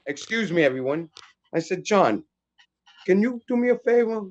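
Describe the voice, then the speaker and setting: A middle-aged man tells a street story in a casual podcast chat. His voice sits high, and he acts out each person's lines with lively swings. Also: moderate pace, highs cut off. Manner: animated storyteller acting out dialogue. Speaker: actor guest.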